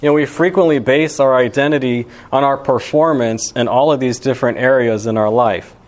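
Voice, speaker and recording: A man's voice: medium pitch, fairly quick, a little mellow. A young man giving a sermon as pastor, talking in a casual, conversational way with lots of "you know" and "right". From Alabama.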